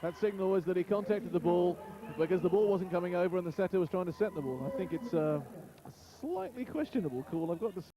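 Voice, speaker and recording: A man's voice: high-pitched, expressive, fast, few pauses, muffled recording. A man giving expert co-commentary, explaining the play in a matter-of-fact way. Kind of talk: sports analysis commentary.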